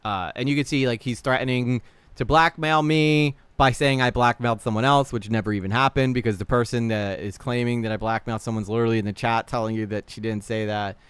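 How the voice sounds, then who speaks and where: Animated, blunt male streamer, clear voice. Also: mid-range voice, fairly quick, no room sound. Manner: animated and blunt, swears freely, talks to chat. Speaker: livestream host. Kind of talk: casual livestream reaction.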